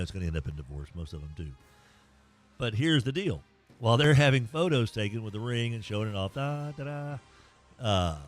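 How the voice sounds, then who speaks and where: A man hosting a sports talk show, folksy and joking as he rambles through scores and a sponsor read. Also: lowish voice. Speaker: sports talk radio host.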